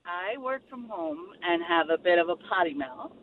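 A woman's voice: fairly low pitch, animated, normal speed. A woman calling in to a radio show, telling a frank, matter-of-fact story about her child. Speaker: caller. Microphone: telephone. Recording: phone line with faint noise.

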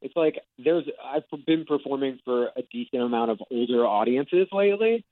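A man's voice: medium pitch, animated, normal speed, no echo. Tinny phone-line comedian in his thirties. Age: 30s. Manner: easygoing, joking, some stumbles. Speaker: stand-up comedian guest. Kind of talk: casual radio interview chat.

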